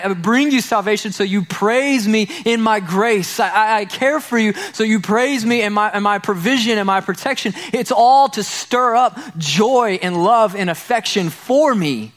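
A man's voice: high voice, brisk, fairly bright tone. A man preaching a sermon as pastor, earnest, repeating key phrases and tripping over repeated words.

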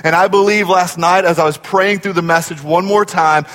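A man preaching a sermon in a church, telling stories in an animated way and acting out the voices in them. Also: high voice, normal speed. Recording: long hall reverb.

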